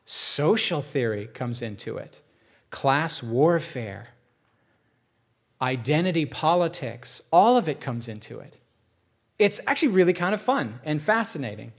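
Middle-aged man, pastor, chatty sermon, slightly high pitch, lively storyteller. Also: unhurried. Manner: animated storyteller who acts out voices with big pitch jumps. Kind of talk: conversational sermon.

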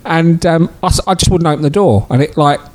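A man's voice: a little high, a little fast. A man co-hosting a podcast, telling stories in casual chat and acting out the voices of the people in them. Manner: animated storyteller, acts out voices. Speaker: podcast co-host.

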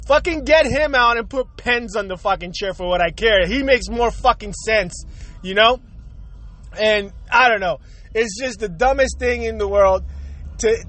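On his own solo podcast, a young man rants profanely and with exasperation, repeating himself a lot. His voice is extremely high and a bit bright.

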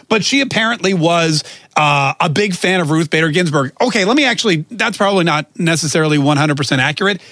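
A man hosting an opinion talk show, sarcastic and animated, acting out the quotes he comments on. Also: high voice, no room sound, clean studio sound.

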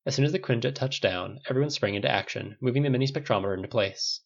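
A man's voice: mid-range voice, fast talker, vocal fry. Man narrating, muffled lo-fi. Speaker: audiobook reader. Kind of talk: fan fiction audiobook narration. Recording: dull lo-fi recording.

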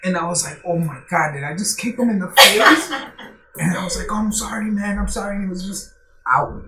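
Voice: mid-range voice, fairly quick, recorded from a distance. A young adult in casual chat, telling party stories loosely, laughing often and swearing freely. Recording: roomy, off-mic, crowd noise behind.

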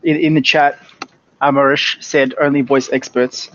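A man's voice: medium pitch, little pitch movement, a little slow, fairly bright tone, lo-fi sound, a little hiss or hum. A young Australian man co-hosting a podcast, easygoing and agreeable in casual chat. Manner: easygoing, agreeable, laughs along. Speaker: podcast co-host.

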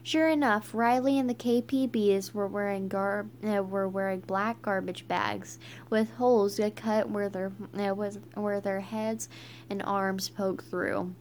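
A woman reading a children's book aloud, halting and stumbling with frequent restarts. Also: medium pitch, steady tone, darkish tone, a little hiss or hum. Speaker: reader.

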